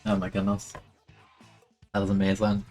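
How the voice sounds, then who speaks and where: A young man commentates his own gameplay in a lowish voice, swinging between excitable outbursts and mock despair, often stammering and repeating himself. Faint game music plays behind him. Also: moderate pace. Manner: excitable, giggly, self-mocking, stammers and repeats words. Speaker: streamer playing a video game.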